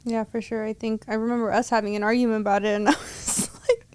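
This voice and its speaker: A woman's voice: a little high, level tone, racing, darkish tone, clear, resonant tone. A woman hosting a podcast in casual chat, emotional and fond of acting out quoted lines. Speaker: podcast host.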